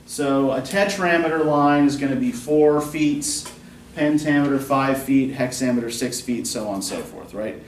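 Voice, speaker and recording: Speaking at a moderate pace in a medium-pitched voice, this college English instructor leads a poetry class, patient in his explanations and constantly asking students questions. The audio is roomy and distant, with a faint hiss beneath it.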